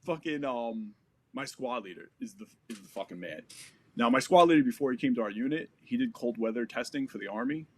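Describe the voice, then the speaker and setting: An American man in his forties sits as a podcast guest, telling a war story in casual, profane language. His voice sits at an ordinary middle pitch, and he tells the story in vivid detail, acting out the back-and-forth of the action. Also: expressive, brisk, husky. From United States. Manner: profane, vivid, re-enacts dialogue.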